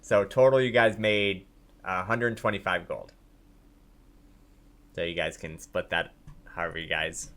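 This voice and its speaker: A man narrating a tabletop game as dungeon master in a casual, halting way with many fillers. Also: sits low, steady tone, fairly bright tone.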